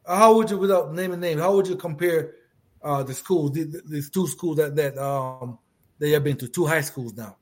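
A man's voice: on the high side, moderate pace, a little mellow. A middle-aged man interviewing a young woman in a casual chat, encouraging, laughing often and repeating his words.

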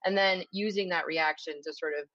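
A woman's voice: fairly low pitch, fairly even intonation, brisk, a bit bright, no echo, dull audio. A woman co-hosting a casual panel talk, reflective, thinking aloud with many fillers.

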